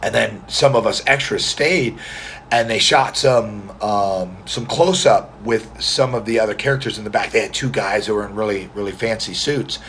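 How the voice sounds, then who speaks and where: A man with a scratchy, strained voice, chatting quietly and rambling in a casual vlog, filmed on a phone indoors. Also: lowish voice, moderate pace. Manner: talking quietly to spare his voice; rambling, friendly, many fillers and restarts. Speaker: mustache vlogger.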